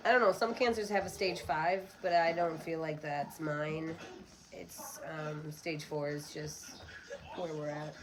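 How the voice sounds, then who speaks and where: A woman's voice: sits low, steady tone, unhurried, noisy background. A woman in her thirties, a podcast guest talking candidly and bluntly, with rambling asides and frequent swearing. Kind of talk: candid casual conversation.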